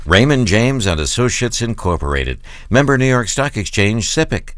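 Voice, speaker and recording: A man reading scripted sponsor announcements for a radio program in a measured way. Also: lowish voice, big pitch swings, a bit bright, dry recording, studio quality. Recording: radio spot with music bed.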